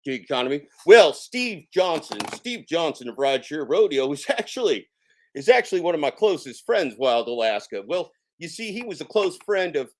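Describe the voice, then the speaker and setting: A man's voice: fairly high pitch, big pitch swings, brisk. A man hosting a casual live stream, talking in a sarcastic, mocking and boastful way and swearing freely.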